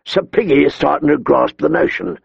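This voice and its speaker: A man's voice: on the high side, normal speed, vocal fry, husky, no room sound, muffled recording, exaggerated voice. A man voicing a cold, sneering master-at-arms. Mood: cold taunting. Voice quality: sharp, cold voice. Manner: taunting, mocking. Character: cold, cruel middle-aged male master-at-arms.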